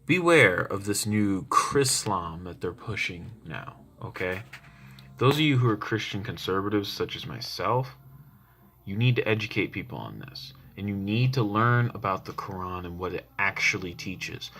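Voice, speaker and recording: An opinionated man vlogging at home, his low voice carrying a bright, sharp edge. He rambles from point to aside in casual talk. A faint hum of noise sits behind him. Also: lively intonation, measured pace. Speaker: political commentary vlogger. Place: home, roommate nearby.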